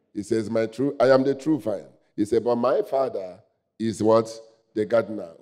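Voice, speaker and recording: A man preaching a sermon, swinging from quiet asides to loud shouted climaxes and calling for responses from the congregation. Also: on the low side. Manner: slow, drawn-out emphasis.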